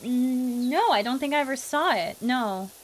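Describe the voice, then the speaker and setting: A woman's voice: high-pitched, expressive, a little slow, slight background noise. A young woman streamer and voice actor in casual livestream chat, answering chat and acting out characters as she plays.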